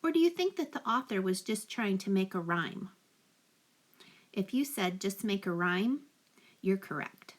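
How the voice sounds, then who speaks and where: A woman's voice: mid-range voice, sing-song, moderate pace. A woman reading a rhyming picture book aloud to children, in a rhythmic voice, stopping to ask the listener questions. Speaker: reader. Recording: roomy echo.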